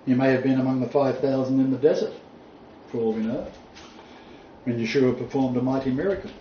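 A man's voice: mid-range voice, slight background noise. Emphatic male preacher in a roomy hall. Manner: emphatic, deliberate, cites sources aloud. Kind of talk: sermon with scripture reading. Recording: distant mic, roomy echo, dull sound.

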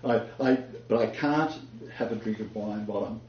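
A man speaking at normal speed with a fairly low pitch gives a chatty, lecture-style Bible teaching, joking and chuckling at his own asides. A little hiss or hum sits under the dull, echoey room recording.

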